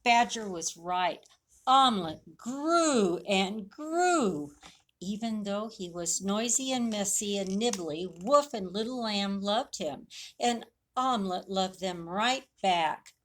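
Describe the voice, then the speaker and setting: A woman reading a picture book aloud to children at a library storytime, slow and expressive. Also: mid-range voice.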